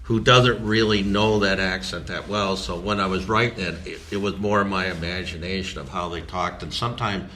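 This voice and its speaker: A man's voice: low voice, steady tone, moderate pace, hardly any pauses, bright, forceful tone, slight background noise. A man who writes and teaches, telling a story in casual podcast chat.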